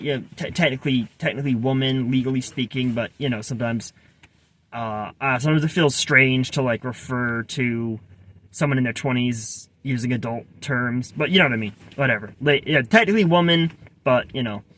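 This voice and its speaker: A man's voice: medium pitch, a bit bright. A man casually telling a personal story, rambling with many restarts and asides. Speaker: vlogger.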